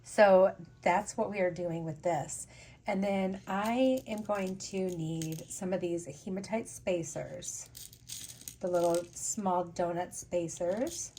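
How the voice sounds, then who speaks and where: A woman hosting a casual jewelry-making vlog, gushing and excitable, chatting to viewers as she unboxes beads. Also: fairly low pitch, slow, a little hiss or hum. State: teary and sniffly after sneezing. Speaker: jewelry-making channel host.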